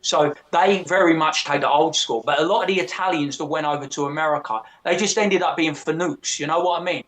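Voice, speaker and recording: A man in loose casual chat, his voice pitched a little high. He swears a lot and acts out other people's voices while telling his stories. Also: brisk. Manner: profane, animated storyteller who mimics others.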